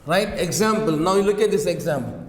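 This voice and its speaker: A man teaching a class, slowly repeating key phrases, with fillers when he hesitates. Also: high-pitched, a little hiss or hum. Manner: slow, repetitive, with hesitant fillers. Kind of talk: classroom lecture. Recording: echoey room with long reverb.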